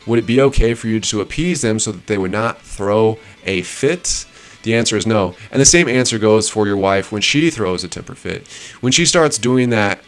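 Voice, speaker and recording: Man, low voice, reading text then rambling asides, restarts, soft music underneath. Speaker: host reviewing marriage advice. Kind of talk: reading a text aloud and commenting in casual talk.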